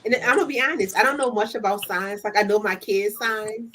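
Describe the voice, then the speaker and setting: A woman's voice: mid-range voice, a little fast, pushed and bright. A middle-aged woman hosting a podcast in a casual chat, blunt and matter-of-fact. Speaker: podcast host. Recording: noisy background.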